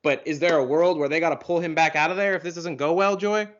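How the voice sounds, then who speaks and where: A man's voice: a little high, fairly even intonation, fast talker, a bit bright, dull audio. A man co-hosting a sports podcast, asking questions and tossing in wry jokes. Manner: wry, joking. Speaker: podcast co-host. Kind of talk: casual sports talk.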